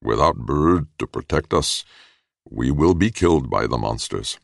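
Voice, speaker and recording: A man voicing a solemn alien tribesman in an audiobook, intoning his lines slowly. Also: rumbling low, gravelly, no echo, clean studio sound, exaggerated voice. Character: tribal alien man, slow and solemn elder.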